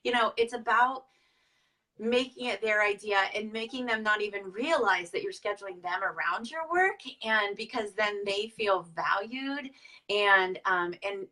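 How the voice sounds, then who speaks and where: A woman in her thirties talks through business tips in a chatty, easygoing way, full of fillers and restarts. Her voice sounds bright and crisp. She is picked up from a distance, away from the microphone. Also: medium pitch, animated, moderate pace. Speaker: Tupperware director. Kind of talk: casual business advice talk.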